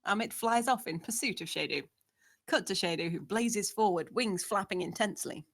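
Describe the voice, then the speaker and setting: A woman's voice: medium pitch, moderate pace, gravelly. Woman reading a screenplay aloud. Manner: steady, descriptive. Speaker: narrator.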